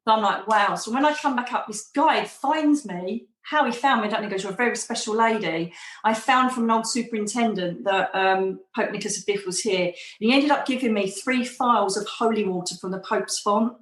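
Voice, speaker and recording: A woman's voice: mid-range voice, fairly quick, echoey room, rough recording. A middle-aged woman, a podcast guest, telling a personal story animatedly and acting out quoted voices. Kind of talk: storytelling in an interview.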